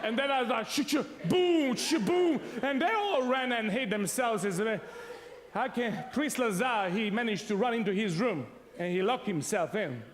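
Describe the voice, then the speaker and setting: High-voiced preacher in a reverberant hall. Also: male voice, normal speed. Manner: animated storyteller, laughs often, acts out sounds and voices. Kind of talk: sermon with a humorous personal story.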